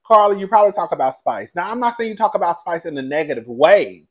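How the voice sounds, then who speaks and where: Sassy and animated, this fairly high-voiced host breezes through a casual reality TV recap, laughing and calling everyone "girl" while his voice swoops up and down. He addresses his regular viewers like a reviewer chatting with friends. He speaks briskly, barely pausing.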